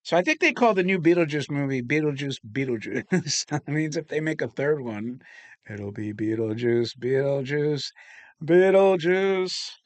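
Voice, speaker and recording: A man's voice: on the high side, animated, brisk, hardly any pauses, no room sound. A man hosting a casual unboxing chat, rambling and swearing casually as he talks. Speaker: toy collector host.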